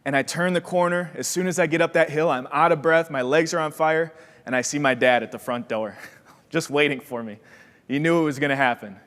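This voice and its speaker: A young man from Wisconsin giving a motivational talk as keynote speaker, an energetic storyteller who acts out the voices in his story. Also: a little high, fairly quick. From Wisconsin, USA. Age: young adult. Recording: long hall reverb.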